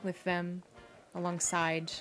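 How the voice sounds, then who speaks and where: A woman's voice: on the low side, completely flat delivery, takes it slowly, a bit bright, faint music behind. Woman doing a haughty proper lady. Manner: stiff, polite, slightly flustered.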